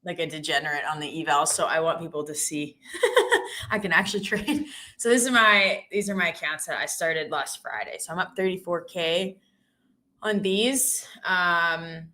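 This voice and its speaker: Woman stream host, casual and self-deprecating, bright tone. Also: lowish voice, normal speed. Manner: chatty, giggly, self-deprecating. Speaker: live trading stream host. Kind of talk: casual live-stream chat.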